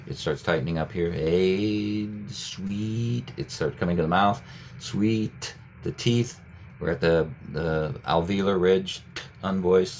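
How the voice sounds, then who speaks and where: A man, a poet and writing teacher, leading a workshop on a video call, speaking thoughtfully with many fillers and restarts and demonstrating sounds slowly. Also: low-pitched, a little hiss or hum. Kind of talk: guest talk leading a workshop.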